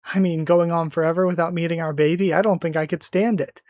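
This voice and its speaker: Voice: medium pitch, fairly even intonation, fast, a little mellow, no echo, lightly acted. Reader doing a sweet devoted young woman from a comic, read plain, dry close sound. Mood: tender. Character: tender young woman devoted to her partner.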